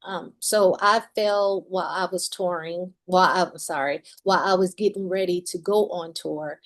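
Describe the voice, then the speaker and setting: A woman's voice: fairly low pitch, steady tone, moderate pace. A woman in her forties, a musician and author, candidly telling a personal story in an interview and laughing often as she talks.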